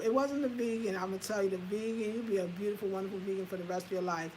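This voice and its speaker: A woman in her fifties telling a personal story in a candid, animated way, swearing casually and laughing at herself. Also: mid-range voice, rapid-fire, a little hiss or hum, low-quality recording. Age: 50s. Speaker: home design vlogger.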